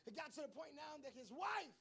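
A male preacher, delivering a sermon that swings between playful quiet asides to the congregation and shouted preaching. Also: very high-pitched, big pitch swings, fairly quick, creaky.

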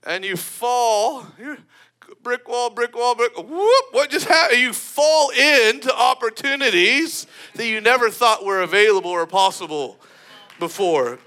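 A man preaching a sermon in an animated, emphatic way, often breaking into laughter. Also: very high voice, measured pace.

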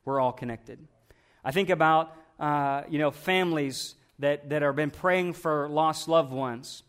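A man with a fairly high voice delivers a sermon as a pastor. He talks to the congregation in a loose, conversational way, with rhetorical questions and frequent repeated words. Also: measured pace.

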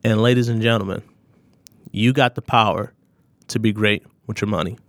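A man's voice: fairly low pitch, fairly even intonation, moderate pace, dry recording, studio quality. Earnest, heartfelt man hosting a podcast. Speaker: podcast host. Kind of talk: solo podcast thank-you message.

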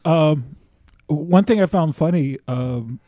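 A man's voice: fairly high pitch, animated, takes it slowly, mellow, no echo. A man talking casually as a regular on a podcast, hesitant, with many ums and restarts. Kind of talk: casual chat.

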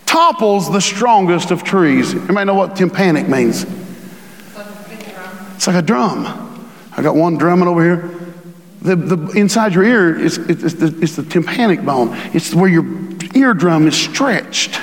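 A man preaching a sermon, swinging from hushed tones to booming scripture reading. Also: animated, measured pace, big-room sound. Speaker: pastor.

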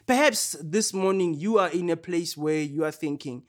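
Male preacher, high-pitched and earnest, rising to urgent calls and dropping to hushed lines. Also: normal speed, hardly any pauses. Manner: earnest, shifts between loud calls and hushed low phrases. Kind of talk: sermon.

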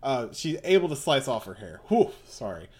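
A man's voice: medium pitch, big pitch swings, moderate pace, a little mellow. A man reading through a comic aloud in casual, bemused chat. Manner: bemused, rambling.

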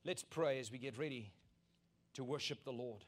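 A man preaching a sermon as pastor, emphatic and repeating key lines, building to loud peaks. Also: mid-range voice, moderate pace.

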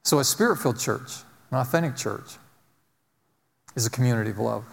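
A man's voice: mid-range voice, brisk, creaky, big-room sound. A man giving a conversational sermon, telling stories and asking the congregation rhetorical questions. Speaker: pastor.

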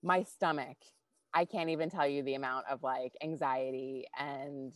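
A woman co-hosting a podcast, telling a personal story in casual, animated chat and swearing freely. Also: very deep voice, moderate pace, dry recording. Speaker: podcast co-host.

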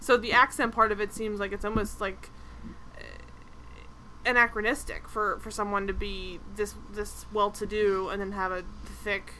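A woman co-hosting a casual TV review podcast, chatty and animated, full of "like" fillers. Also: mid-range voice, normal speed, a little hiss or hum. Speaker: podcast co-host.

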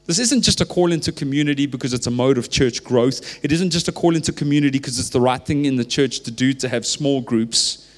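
A man's voice: medium pitch, fairly quick. A man, preaching a sermon earnestly and pressing into urgent emphasis. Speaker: pastor. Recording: reverberant hall.

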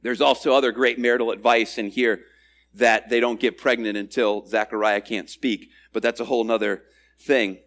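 A male pastor preaching a sermon expressively, swinging between loud emphasis and quiet asides. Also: medium pitch, steady tone, moderate pace.

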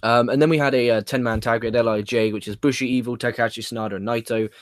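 A quick-talking man chats casually about wrestling. He swears easily and laughs at his own jokes. His voice is close and dry, with no room sound. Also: mid-range voice, steady tone, dry recording. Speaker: podcast host.

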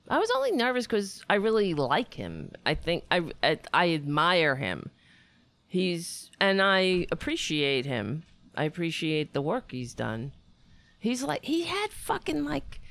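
A woman's voice: lowish voice, wildly swooping pitch, unhurried, vocal fry, fairly bright tone. A woman hosting a casual livestream chat, rambling, swearing and putting herself down. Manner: self-deprecating, rambling, swears a lot. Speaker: livestream host.

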